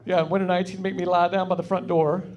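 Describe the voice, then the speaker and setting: A man's voice: sits high, little pitch movement, fast, a little mellow. A man with a Southern US accent from North Carolina doing a stand-up comedy set on a club stage, telling folksy, wry stories into a stage mic. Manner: folksy, wry storytelling delivery.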